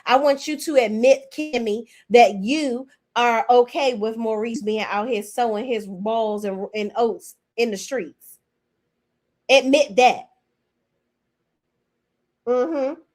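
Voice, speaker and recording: Host, woman, 40s: blunt, mocking recap commentary with a high-ish, swinging voice. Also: slow pace. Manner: blunt, profane, sassy; mocking and animated, swings between high and low. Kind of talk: reality TV recap rant.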